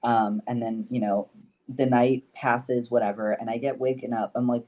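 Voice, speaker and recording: A young man, a podcast guest, telling stories in casual chat, animated and swearing freely. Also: medium pitch, normal speed. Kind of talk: casual storytelling.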